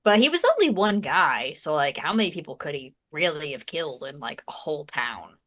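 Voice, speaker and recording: A woman's voice: low voice, very animated, fairly quick, a bit bright. A woman playing a tabletop role-playing game, talking in a boisterous, playful way and laughing often. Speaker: player. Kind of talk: in-character tabletop role-play.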